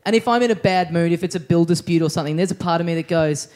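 A man's voice: a little high, rapid-fire, a little mellow. A man, telling a funny story in casual chat and chuckling along.

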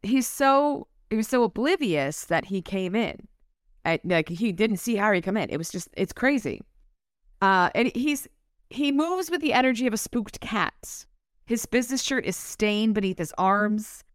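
A woman's voice: mid-range voice, expressive, normal speed, no room sound, studio quality. A woman co-hosting a book club podcast, reading passages aloud and then riffing on them casually, swearing now and then. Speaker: podcast co-host.

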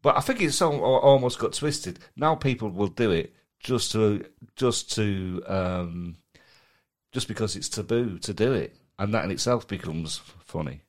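A man's voice: lowish voice, expressive, measured pace. A man with a Mancunian accent co-hosting a podcast, chatting casually and laughing as he tells stories. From Manchester, England. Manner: rambling, laughs while telling stories. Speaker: podcast co-host. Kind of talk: casual chat.

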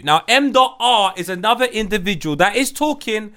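A man talks through online clips in a podcast, blunt and mocking. His voice sits high and swings widely in pitch. The tone is bright and crisp. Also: lively intonation, moderate pace. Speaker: podcast host. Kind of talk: casual commentary on clips.

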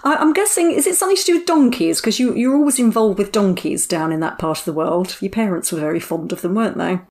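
A middle-aged woman, co-hosting a podcast, chatty and quick to laugh. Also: medium pitch, a little mellow. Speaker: podcast co-host. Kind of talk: casual chat.

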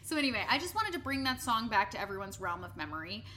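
A woman's voice: fairly high pitch, big pitch swings, fast talker, bright, forceful tone. A woman co-hosting a podcast in a bubbly, giggly casual chat, swearing casually. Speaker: podcast co-host.

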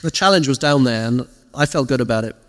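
Man guest, quick anecdotal storyteller, live stage, long hall reverb. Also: medium pitch. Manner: lively storyteller, animated quoted asides. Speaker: interview guest, former games PR director. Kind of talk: casual anecdotal interview.

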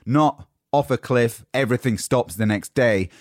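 A man's voice: medium pitch, moderate pace, few pauses, no echo, clean studio sound. A young British man hosting a solo motivational podcast in a rambling, conversational way from his home. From Britain. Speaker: podcast host. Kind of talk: casual solo podcast talk.

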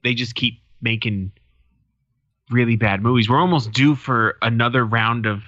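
A man's voice: medium pitch, steady tone, normal speed, fairly bright tone, dry recording. A man in his thirties co-hosting a casual podcast, telling stories with a lot of swearing and acting out the people in them. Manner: profane storytelling, acts out quoted people. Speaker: podcast co-host. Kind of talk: casual chat. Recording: dull lo-fi sound.

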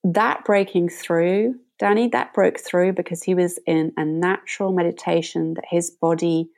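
A woman meditation teacher, a guest in an interview, telling a story in a gentle and reflective way. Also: lowish voice, steady tone, normal speed, creaky.

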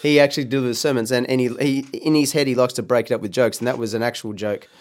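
A man's voice: mid-range voice, fairly even intonation, fast. A man co-hosting a casual podcast, rambling with lots of ums and restarts. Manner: rambling, many fillers and restarts, laughs often. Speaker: podcast co-host.

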